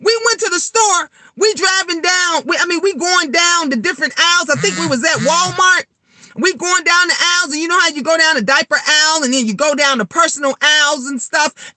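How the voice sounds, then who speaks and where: A middle-aged woman, vlogging in a blunt, animated monologue full of swearing. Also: very high voice, fairly quick, dry recording. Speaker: vlogger and tarot reader. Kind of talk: casual vlog monologue.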